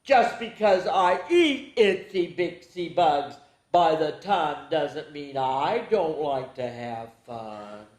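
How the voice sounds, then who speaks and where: A woman's voice: low voice, animated, takes it slowly, darkish tone, echoey room, voice pushed down. A woman voicing a small bug-eating storybook creature who insists it loves parties, in a plaintive, defensive tone.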